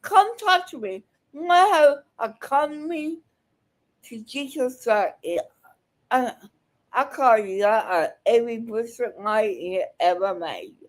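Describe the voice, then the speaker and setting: Angry woman reaction commentator, high voice, slow and scolding, heavy profanity. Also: expressive. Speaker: video commentator reacting to clips.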